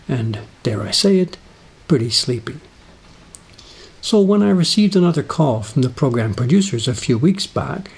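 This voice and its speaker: Middle-aged male narrator, husky voice, dry and self-deprecating, unhurried scripted delivery. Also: medium pitch. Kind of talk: scripted personal essay narration.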